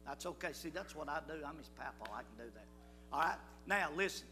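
A man's voice: fairly high pitch, expressive, a little fast, sharp tone. An older man leads a children's Bible school assembly in a folksy, coaxing way, calling out to the crowd. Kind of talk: leading a children's church assembly. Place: church hall. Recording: hall reverb with music.

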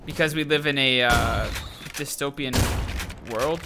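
A man's voice: medium pitch, measured pace, noisy background. A young man giving casual let's-play commentary, talking to himself and viewers, yelping and laughing as he plays. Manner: excitable, talks to himself and viewers while playing, yelps and laughs. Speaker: gaming YouTuber.

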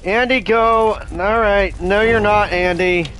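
A young man from the United States commenting on a video game he is playing, excitable and prone to shouting and laughing. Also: sits high, slow pace. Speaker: gaming streamer. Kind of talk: let's play commentary.

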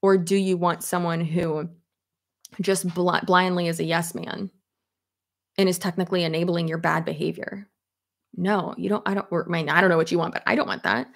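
A young woman chats to her audience in a loose, animated commentary, full of fillers and casual swearing. Her voice sits on the low side with a gravelly fry running through it. She reads and answers viewer comments as she goes. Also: normal speed. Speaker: commentary YouTuber. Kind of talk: casual commentary chat, reading live comments.

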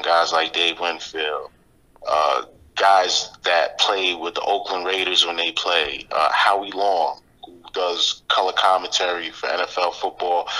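Middle-aged man, low pitch, reflective motivational talk, casual filler phrases. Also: bright, forceful tone, rough recording. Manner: reflective, motivational, many "you know" fillers. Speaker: podcast guest.

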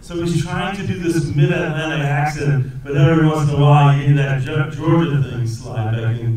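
A man answering audience questions as a film actor at a cinema Q&A, talking in a rambling, lively way and laughing often. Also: fairly high pitch, moderate pace, few pauses, crowd noise. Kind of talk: conversational Q&A answers. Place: cinema auditorium. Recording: echoey theater from a distance with audience.

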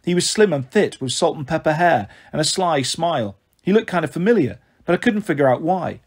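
A man narrating a first-person story as an audiobook reader, in a lively, expressive way. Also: a little high, fairly quick, husky.

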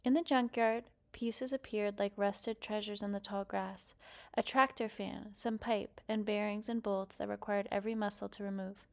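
A woman reading a children's picture book aloud, lively and expressive, then posing questions to young listeners. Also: mid-range voice, normal speed. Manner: expressive, lively character quotes. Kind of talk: read-aloud storytelling.

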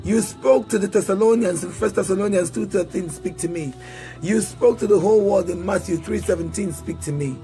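A man's voice: sits high, a little fast, mellow, faint music behind. A man preaching and leading prayer, chanting declarations in a sing-song rhythm and prompting listeners to repeat after him. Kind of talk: sermon prayer.

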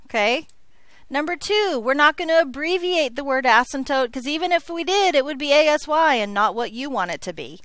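High-voiced playful algebra teacher. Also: female voice, lively intonation, brisk, a bit bright, dry recording. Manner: playful, jokey, checks in with frequent "okay?". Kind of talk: classroom lecture. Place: classroom.

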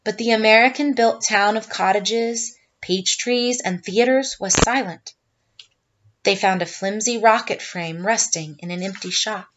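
Female teacher narrator, mid-pitched, slightly muffled recording. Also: background noise. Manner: steady storyteller narration. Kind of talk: story reading.

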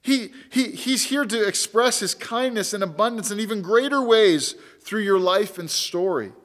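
In a church sanctuary with a large-hall sound, a man preaches as pastor at normal speed. His voice is high and slightly bright, and he stays earnest and emphatic, leaning on repeated key words.

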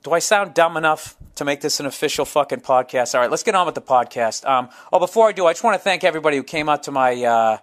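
A man's voice: fairly high pitch, animated. A man hosting his own podcast in a casual solo monologue, rambling through tangents and swearing constantly. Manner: rambling, heavily profane, jumps between tangents; acts out crowd members and himself in quick voices. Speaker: podcast host.

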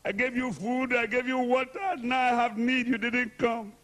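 A man's voice: very high-pitched, steady tone, moderate pace, fairly bright tone, rough recording. A man voicing a grieving woman who pleads with her lord in tears. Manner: wailing, pleading.

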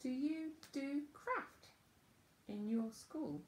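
A woman teaching children school signs, gentle and patient, naming each word with pauses. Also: high-pitched, reverberant. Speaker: children's sign language presenter. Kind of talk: slow teaching talk to children.

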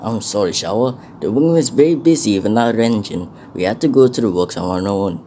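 A man's voice: on the low side, expressive, a little fast, warm tone, slight background noise, natural voice. A man voicing a patient, earnest male engine driver in a homemade storybook tale. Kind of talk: storybook voice acting.

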